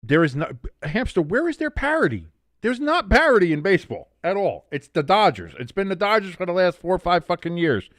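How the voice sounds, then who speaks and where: In clean studio sound with no room ambience, a young male watch-along streamer casually reacts live to a football game, reading out chat and cursing freely. His voice is high-pitched and a bit bright, with big pitch swings and a brisk pace.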